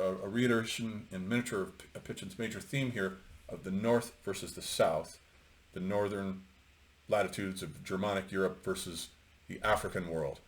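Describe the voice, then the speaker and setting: Deep-voiced man rambling through a book summary. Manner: rambling, opinionated, many fillers. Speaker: lecturer on literature. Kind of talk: unscripted book commentary.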